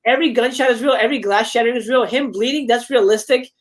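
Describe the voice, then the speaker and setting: A woman's voice: a little high, fast talker. A woman guest in a casual livestream film chat, blunt and enthusiastic, swearing freely. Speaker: guest co-host.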